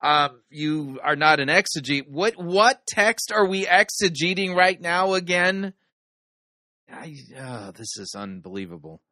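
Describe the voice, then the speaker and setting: A man delivers dry, mocking commentary on a preacher's sermon. His voice is somewhat high and bright. The recording is close and dry, with no room sound. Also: animated, measured pace, no room sound. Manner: dry, sarcastic, critical. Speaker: sermon critic. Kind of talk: sarcastic commentary.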